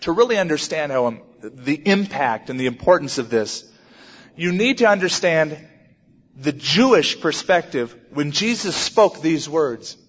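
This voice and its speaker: A man preaching a sermon in an emphatic style with dramatic pauses. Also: husky. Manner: emphatic, dramatic pauses, lively swings in pitch. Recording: dull sound with long hall reverb.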